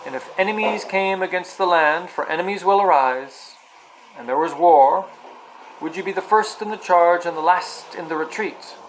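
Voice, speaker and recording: A man voicing a great male lion who speaks in a grave, slow and measured way. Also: sits high, a little hiss or hum, lightly acted, poor audio. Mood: solemn, kingly. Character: great male lion, solemn, kingly and kind.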